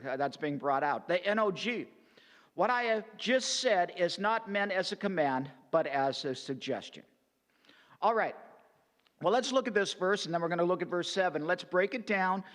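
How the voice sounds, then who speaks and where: A high-pitched male pastor walks a class through a verse, weighing each translation with many "uh" fillers and restarts. His voice carries a long reverb from the church hall. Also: a bit bright. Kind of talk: verse-by-verse Bible teaching. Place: church sanctuary.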